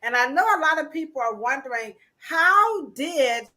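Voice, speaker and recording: A woman's voice: high voice, expressive, normal speed, bright, forceful tone. A woman hosting a casual livestream chat, playful and teasing, with slangy mock-scolding asides. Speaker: livestream host.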